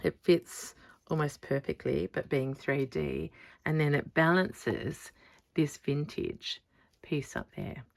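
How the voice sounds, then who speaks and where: A woman's voice: sits low, slow, gravelly. A woman chatting casually in a crafting vlog, thinking aloud as she works on her stitching. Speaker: textile artist showing her stitching.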